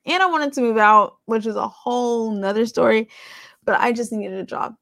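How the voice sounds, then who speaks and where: Young woman with a gravelly, higher voice. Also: moderate pace, a bit bright, no echo. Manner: conversational, rambling, with many fillers. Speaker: podcast host. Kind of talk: casual faith testimony.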